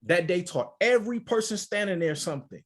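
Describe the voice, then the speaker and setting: A man from Michigan, a podcast co-host, telling a story in casual, profane and animated chat. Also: high voice, brisk. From Port Huron, Michigan.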